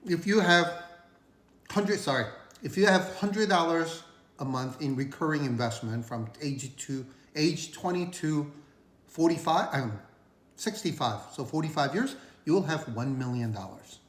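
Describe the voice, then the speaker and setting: A man's voice: on the high side, expressive, measured pace. A man casually talking to camera, giving personal finance advice in an earnest, conversational way with emphatic repetitions. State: recovering from illness. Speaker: finance vlogger. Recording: roomy echo.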